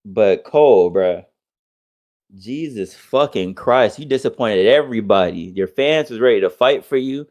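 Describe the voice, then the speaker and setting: A man's voice: mid-range voice, expressive, a little slow, dull audio. A man co-hosting a casual podcast, ranting heatedly with lots of profanity and mocking quotes. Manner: heated, profane, swings between loud outbursts and mock quotes. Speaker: podcast co-host.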